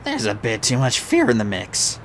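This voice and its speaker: A man doing a gruff, crude dwarf. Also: mid-range voice, wildly swooping pitch, normal speed, a little hiss or hum.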